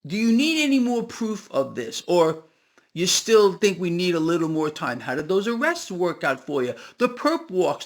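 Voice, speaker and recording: A man's voice: high-pitched, fairly bright tone. A man hosting a solo market commentary video, ranting sarcastically and firing rhetorical questions at his viewers.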